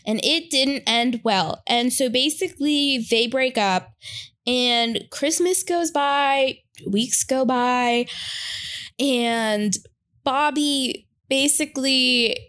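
Woman, high voice, chatty recap host who slips into character lines. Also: slow pace. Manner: animated storytelling, acts out characters' lines. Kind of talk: casual chat recapping a film.

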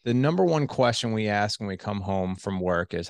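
Low gravelly-voiced man giving relationship advice. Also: moderate pace, dry recording. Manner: animated, acts out voices of his wife and himself. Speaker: relationship coach. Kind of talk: podcast interview, advice.

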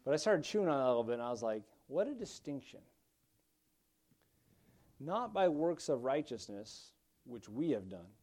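A man's voice: mid-range voice, sing-song, brisk, a little mellow. A middle-aged male pastor preaching a sermon, emphatic at times, with frequent restarts and fillers.

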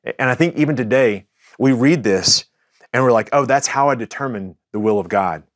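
A man delivers a sermon in a relaxed, conversational way. He often restarts his phrases and checks in with his listeners by asking "right?" His voice sits at an ordinary middle pitch, and the sound is dry and close, with little room echo. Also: normal speed. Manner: conversational preaching with frequent restarts and "right?" asides. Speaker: pastor.

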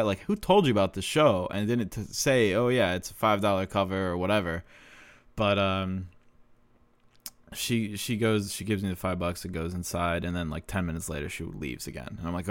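Casting: young guy, deep voice, dry close sound, rambling and swearing casually through a story. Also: no echo. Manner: rambling, profane, laughs often. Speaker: show promoter telling stories.

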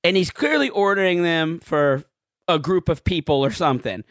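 A man's voice: a little high, expressive, moderate pace, a bit bright, no echo. A man co-hosting a podcast, ranting animatedly in casual chat, swearing freely, with a close microphone.

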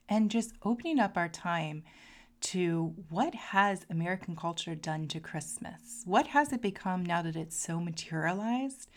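Earnest woman podcast host, low-pitched. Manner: earnest, heartfelt, sometimes drops to a soft near-whisper. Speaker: podcast host and marketing coach. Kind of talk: casual podcast monologue.

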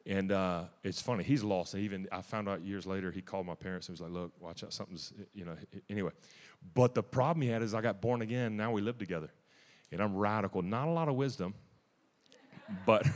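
A man with a fairly low voice delivers a sermon in a church. He talks with zealous emphasis, restarts his sentences and breaks into sudden louder bursts. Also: long reverb tail. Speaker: preacher. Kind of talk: sermon testimony.

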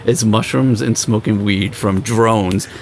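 Gravelly, animated storytelling man. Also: slow, a little hiss or hum. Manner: animated storyteller, acts out quoted people in higher voices. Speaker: podcast host. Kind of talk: casual storytelling chat.

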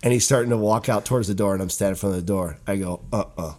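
Fast-talking profane man telling stories. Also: fairly low pitch. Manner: profane, animated storyteller. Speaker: podcast co-host, gym manager. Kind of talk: casual storytelling chat.

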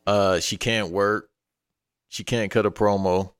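A blunt, opinionated man with a low voice, cursing freely as he holds forth in casual talk. The sound is dry and close, with no room echo. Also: steady tone, takes it slowly, clean tone. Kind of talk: casual wrestling chat.

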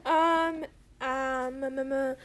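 Young woman, high voice, casual rambling chat, emphatic, swears. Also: fairly even intonation, slow. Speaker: co-host.

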